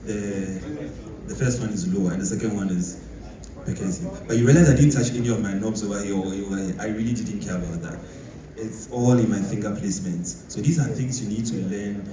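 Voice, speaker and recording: A Ghanaian bass player explaining music in a casual, animated teaching talk, full of rhetorical questions. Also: male voice, fairly quick, a crowd in the background. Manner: animated, mixing quoted voices and rhetorical questions. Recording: echoey room, mic from far off, noisy.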